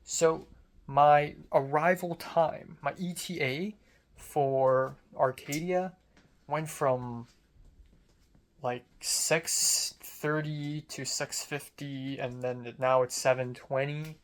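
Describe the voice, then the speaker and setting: A man's voice: on the high side, steady tone, slow pace. Rambling young man telling a story. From Hong Kong. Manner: rambling, self-mocking, swears casually. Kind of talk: casual spoken storytelling.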